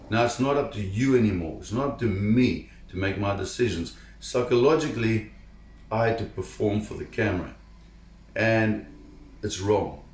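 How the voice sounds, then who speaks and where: A man telling a personal diving story to camera in an animated, emphatic way, repeating words when excited. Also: lowish voice, echoey room. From South Africa. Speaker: shark diver telling a story.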